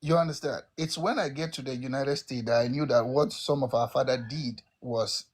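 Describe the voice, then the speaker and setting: A man's voice: mid-range voice, steady tone, normal speed, breathy edge. A man with a Nigerian accent on a casual podcast, arguing bluntly and emphatically with examples. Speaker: podcast co-host.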